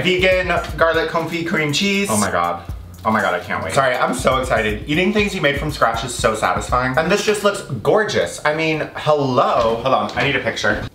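A man's voice: mid-range voice, fairly bright tone, roomy sound. A man chatting casually in a cooking vlog in his home kitchen, gushing and exclaiming constantly over the food. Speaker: food vlogger.

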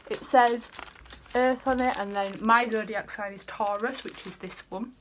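A woman's voice: on the high side, fairly even intonation, measured pace, a bit bright, a little hiss or hum. Bubbly young woman vlogger. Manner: bubbly, gushing, rambling. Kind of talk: casual vlog chat. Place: family home, indoors.

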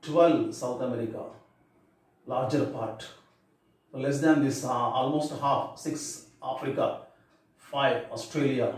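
A man's voice: mid-range voice, takes it slowly, long pauses. A male teacher going through exam answers methodically, spelling words out letter by letter. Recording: echoey room, voice far from mic.

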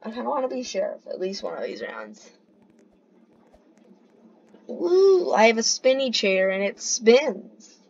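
A young woman giving casual gameplay commentary, excitable and giggly, swinging between panic and glee. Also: a little high, unhurried, gravelly, long pauses, slightly rough, lo-fi sound.

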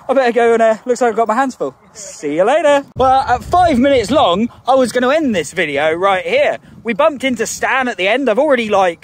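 A Glaswegian woman, a professional dog walker, narrating a casual vlog outdoors in the fields and breaking into high sing-song baby talk with the dogs. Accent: Glaswegian Scottish. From Glasgow, Scotland.

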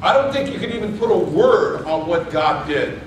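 A man's voice: a little high, very animated, normal speed, heavy reverb, recorded from a distance, slight background noise, poor audio. A man preaching a sermon to a congregation, stressing key words and calling for responses. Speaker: pastor. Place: church sanctuary.

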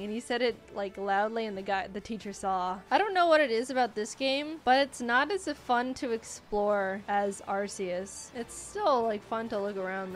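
A young woman in her twenties casually commenting while playing a video game, often jumping high when excited. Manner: excitable, squeals high at cute creatures. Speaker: gaming YouTuber. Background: faint game music.

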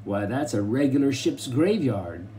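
Casting: man doing a jovial, booming old-fashioned ship captain, hearty and loud, mellow tone. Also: sing-song, measured pace, slight background noise. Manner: roaring, jovial.

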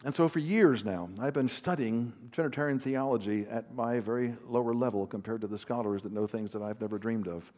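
A man's voice: medium pitch, brisk, hardly any pauses, darkish tone. A man, a Christian author and counselor, giving a conversational teaching talk to a large live audience, mixing anecdotes with self-deprecating humor. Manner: conversational, with fillers and restarts.

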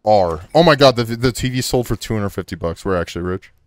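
A man casually chatting and swearing excitedly while playing a co-op video game. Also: lowish voice, fast talker. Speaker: gameplay streamer. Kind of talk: casual co-op gameplay chat.

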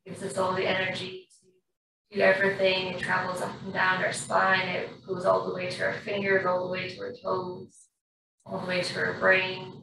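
A woman, a yoga instructor calmly guiding a class through slow breathing in a studio. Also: on the low side, vocal fry. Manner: slow, calm, even-toned guidance. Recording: very echoey room, far from mic, faint noise.

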